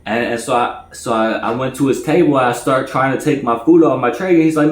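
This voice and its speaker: A man casually telling a personal story, stammering and repeating words often. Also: a little fast. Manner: stammers and repeats words, acts out quoted voices higher and louder. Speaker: storyteller recounting his past. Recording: echoey room.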